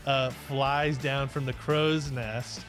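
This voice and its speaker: Brief: unhurried male game master, hesitant delivery full of ums, faint music under him. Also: medium pitch, little pitch movement, a bit bright. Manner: hesitant, many fillers. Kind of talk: narrating a tabletop game.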